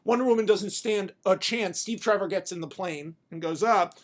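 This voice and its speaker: A podcast host pitching a story idea in a comedic, rambling way, profane and animated. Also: moderate pace.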